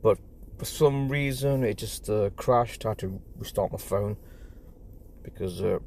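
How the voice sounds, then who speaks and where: A man with an English accent, talking on a casual phone live stream. His voice sits a little low, and he rambles, stammers and repeats words as he goes. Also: a little slow, a little mellow, a little hiss or hum.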